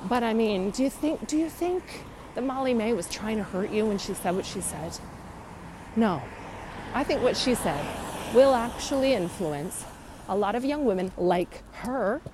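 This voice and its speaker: A woman's voice: fairly high pitch, lively intonation, moderate pace. A Canadian woman in her thirties, vlogging outdoors and ranting with firm opinions. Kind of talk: casual chat to camera. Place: outdoors by a busy road. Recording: loud traffic noise behind.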